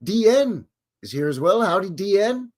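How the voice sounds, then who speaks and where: A man's voice: sits high, very animated, moderate pace. Brief: Canadian stream host, loose, joking, swings up and down a lot as he talks. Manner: rambling, joking, greets chatters by name. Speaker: livestream host. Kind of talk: casual live-stream chat.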